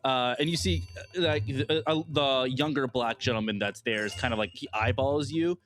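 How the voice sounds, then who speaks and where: A man's voice: medium pitch, brisk, a bit bright, a little hiss or hum. A man running a tabletop role-playing game as game master, talking in a casual, chatty way. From Connecticut. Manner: casual, chatty, with southern drawl for characters.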